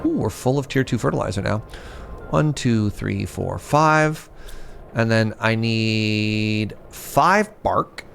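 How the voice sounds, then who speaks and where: Playful slow-talking male game streamer. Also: fairly low pitch, vocal fry, fairly bright tone, soft background music. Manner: playful, joking, thinks aloud. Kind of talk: casual gameplay chat with viewers.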